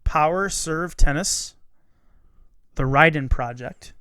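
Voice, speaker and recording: A playful man in his thirties co-hosts a casual chat show, his voice sitting a bit high for a man. He rattles off lists with plenty of laughs. The recording is dry and close, with no room around it. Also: slow pace, pushed and bright, smooth, dry recording. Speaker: podcast co-host.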